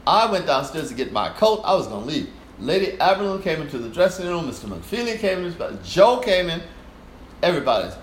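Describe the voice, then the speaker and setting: A man's voice: fairly high pitch, fairly quick. An older man, a guest performer, telling a story in conversation and acting out the voices of the people in it. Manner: animated storyteller, acts out voices. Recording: echoey room, faint hiss.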